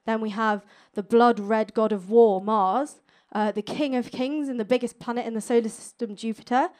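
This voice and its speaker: High-voiced cheeky woman comic. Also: fairly even intonation, a little mellow. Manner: playful, cheeky, quick with jokes. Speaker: stand-up science comedian. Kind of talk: stand-up comedy set. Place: stage before a live audience.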